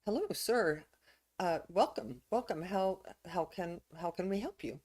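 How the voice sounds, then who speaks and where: A woman voicing a very old man who gently welcomes travelers to his village. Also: on the low side, animated, moderate pace, natural voice. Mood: welcoming.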